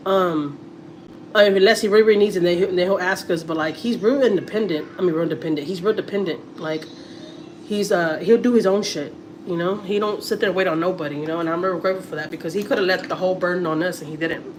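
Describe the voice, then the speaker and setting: A woman's voice: on the low side, fast, darkish tone, slight background noise. A middle-aged woman with a Texas accent chatting casually to viewers on a family livestream, repeating words and using many fillers.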